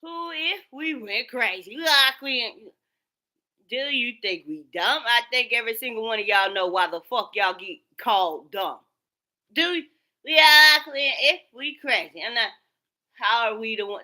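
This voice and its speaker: A woman's voice: fairly high pitch, lively intonation, moderate pace, bright, forceful tone. A woman recording herself on her phone in an agitated, profane, repetitive rant. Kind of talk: profane ranting monologue.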